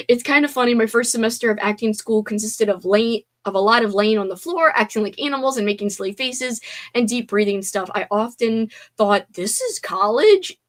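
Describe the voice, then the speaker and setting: A young livestream host, still tired after a sleepover, chats casually with viewers in a fairly high, animated voice at a moderate pace. She giggles a lot and reacts to the chat with bubbly energy.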